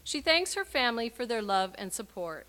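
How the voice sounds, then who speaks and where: A woman reading out graduates' names and short personal messages at a university graduation ceremony, with clear, measured announcing and emphatic sign-offs. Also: a little high, very animated, sharp tone, slight background noise.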